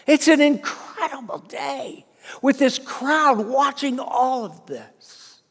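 High-voiced preacher in a reverberant hall. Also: male voice, slow. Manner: animated storytelling, repeats words. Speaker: preacher, fundraising minister. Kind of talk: sermon.

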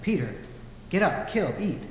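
A man preaching and voicing God as a calm, commanding voice giving slow, deliberate orders. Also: high-pitched, slight background noise. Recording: echoey hall.

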